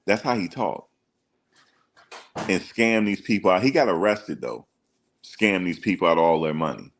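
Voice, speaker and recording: A man's voice: low voice, animated, moderate pace, pauses often. A man giving casual reaction commentary as an online host, emphatic and slangy and full of rhetorical questions.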